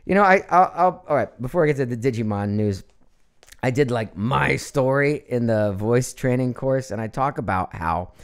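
A middle-aged man from Ohio hosting a casual live stream at home, chatty and animated, reading out viewer comments with frequent laughs. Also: medium pitch, normal speed, clear, resonant tone. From Ohio, USA.

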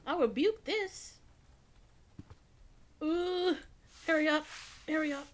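A woman hosting a gaming channel and giving excitable let's-play commentary, gasping, swearing and jumping at scares. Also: sits high, takes it slowly.

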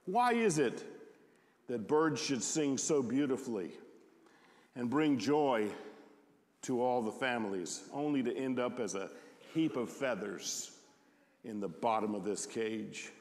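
A man's voice: medium pitch, lively intonation, unhurried, darkish tone, voice pushed down. A man voicing a young boy who eagerly and plaintively calls the telephone operator for help. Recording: echoey hall.

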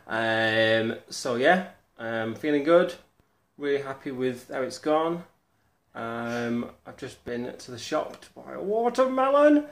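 A man's voice: fairly low pitch, gravelly. A man rambling through a personal video diary in a chatty way, with many ums, recorded at home. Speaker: vlogger.

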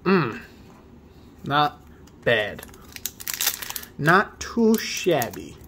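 Dude opening card packs, talks slow and easy, yelps up high when he hits a good one. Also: gravelly, slight background noise. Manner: excitable, bursts into high exclamations over good cards. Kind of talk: casual pack-opening commentary.

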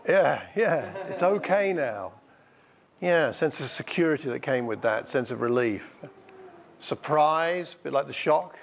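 In a church hall, a middle-aged man preaches a sermon with energy, telling a lively story, asking the congregation questions, and repeating their answers back. His voice is a little high, gravelly, and a little slow, with slight background noise.

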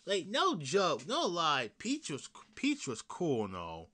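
A young man talks through his solo podcast in a bright, forward voice with lots of bounce in his pitch. He rambles, laughs, restarts sentences and curses freely. He swings from excited outbursts to mumbled asides. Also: slow pace, few pauses. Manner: rambling, laughing, swearing, with many restarts and sudden loud bursts; excited fan talk that drops to mutters and whispers. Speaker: podcast host. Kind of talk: casual solo podcast chat.

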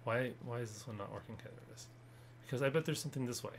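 A man playing a co-op game with a friend, chatting casually and yelping in high-pitched panic when things go wrong. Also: rapid-fire, a little hiss or hum. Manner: excitable, yelps high in panic.

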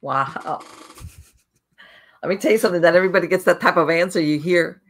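A podcast host chatting eagerly with a guest, adding quick interjections. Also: medium pitch. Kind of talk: casual interview chat.

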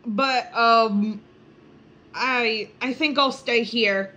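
Woman playing a hiccuping puppet, slow, halting, bright tone, hobby puppet show. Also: fairly high pitch, heavily acted. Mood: hesitant. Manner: halting, slow, full of ums. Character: hiccuping puppet, dithering and hesitant.

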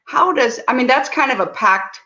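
A woman's voice: sits high, animated, normal speed, sharp tone, lo-fi sound. A woman hosting a casual chat, thoughtful and searching for her words. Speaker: host.

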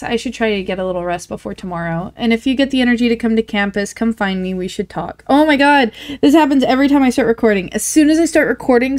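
A woman hosting a let's play, reading game messages aloud in a casual way, with quick asides. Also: fairly high pitch. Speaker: gaming channel host.

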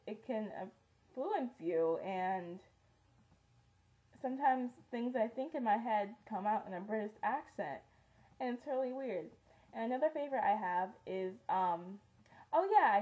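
A woman's voice: on the high side, moderate pace, phone-quality sound. A teenage girl chatting through a casual beauty favorites vlog, rambling with lots of ums and likes. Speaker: beauty vlogger.

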